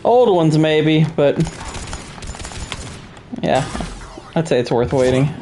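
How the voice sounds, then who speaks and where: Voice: medium pitch, animated, slow, noisy background. A game streamer chatting casually with viewers while playing, laid-back and laughing often. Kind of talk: casual let's play chat.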